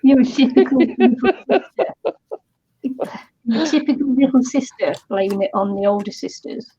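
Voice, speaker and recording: A woman's voice: fairly high pitch, lively intonation, normal speed, dark tone, husky, no room sound. A woman from New Zealand hosting a casual livestream over a video call, teasing her friends dryly. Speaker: livestream host. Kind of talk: casual chat. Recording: dull lo-fi call audio.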